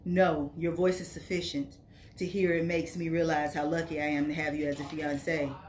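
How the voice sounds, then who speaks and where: Woman doing James, a deep, teasing fiancé. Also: flat delivery, normal speed, a little mellow, slight background noise, lightly acted. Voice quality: baritone. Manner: teasing, joking. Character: deep-voiced male fiancé with a slight drawl.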